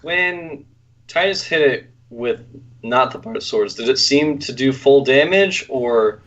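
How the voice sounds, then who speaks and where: A man's voice: mid-range voice, animated, measured pace, a bit bright. A man playing a tabletop game, chatting casually and swearing now and then. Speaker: player. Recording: dull lo-fi stream audio.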